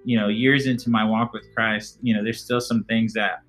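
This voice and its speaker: A man's voice: lowish voice, little pitch movement, moderate pace, a bit bright, soft background music. A man telling a heartfelt personal story as a guest on a podcast, in casual conversation. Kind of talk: casual interview chat.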